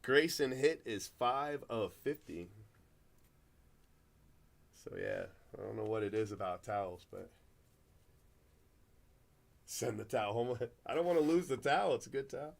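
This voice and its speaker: Middle-aged guy rambling through a story while opening cards, casual chatty host, mid pitch. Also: animated, measured pace, vocal fry, long pauses. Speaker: card break host.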